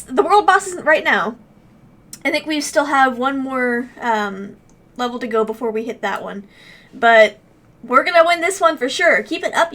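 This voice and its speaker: Excitable lady streamer, high bright voice, chatty, bit of music behind. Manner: gushing and excitable, reacting aloud to chat. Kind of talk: casual live-stream chat.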